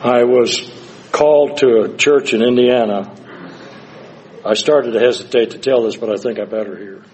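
An older man preaching a sermon, moving between hushed, slow passages and loud, dramatic cries. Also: mid-range voice, slight background noise.

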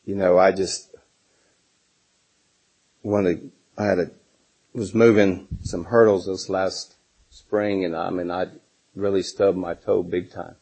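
Middle-aged man, husky and low-voiced, teaching a Bible class in a rambling, filler-heavy way. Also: darkish tone, low-quality recording. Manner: rambling, many fillers and restarts. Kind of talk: informal Bible lesson with personal stories.

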